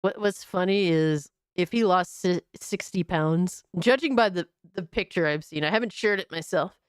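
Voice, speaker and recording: A woman's voice: lowish voice, normal speed, smooth, no room sound, clean studio sound. Mocking profane woman streamer. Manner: mocking, profane, laughs at the clip. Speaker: streamer host reacting to a video. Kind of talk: casual reaction commentary.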